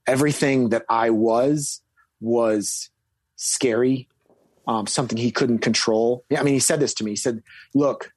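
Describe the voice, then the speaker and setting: In a dry recording, a male guest tells a casual story about serving in the military, using a steady, darkish, medium-pitched voice at a slightly slow pace. He rambles, full of fillers and restarts, and suddenly emphasizes key words.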